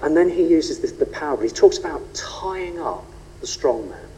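Animated preacher in a reverberant hall. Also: male voice, moderate pace. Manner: animated, rhetorical, shifts pitch and pace for emphasis. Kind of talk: sermon. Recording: long reverb of a large hall.

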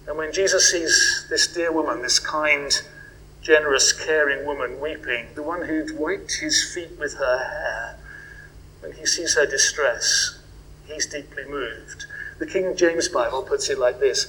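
A man delivering a sermon with a slightly higher-than-usual voice. He talks reflectively, dropping to hushed questions and then rising into emphatic swells. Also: unhurried, low-quality recording. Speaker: preacher.

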